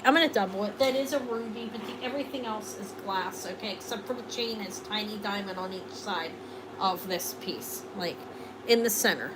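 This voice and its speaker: A woman's voice: medium pitch, normal speed, noisy background. A woman hosting a live online jewelry sale, chatting loosely and often trailing off mid-sentence. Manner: chatty, rambling, trails off and restarts.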